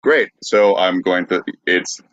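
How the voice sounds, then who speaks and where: A podcast host troubleshoots the audio during a livestream, staying patient and apologetic even under insults. His low-pitched voice is slow and fairly bright in tone, on a dry recording with dull audio.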